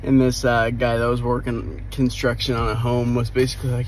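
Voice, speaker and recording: A young man from New Hampshire tells hunting stories to the camera outdoors, in a relaxed and amused way. His voice sits at an ordinary middle pitch, and he chuckles at his own run-ins. Faint traffic hums in the background. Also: a little fast, few pauses, poor audio. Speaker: hunting vlogger. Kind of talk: casual outdoor storytelling. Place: outdoors after a hunt.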